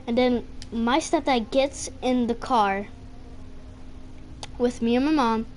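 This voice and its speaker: A woman's voice: fairly high pitch, slow. A woman casually telling a personal story, rambling with lots of fillers and swearing. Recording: noisy home recording.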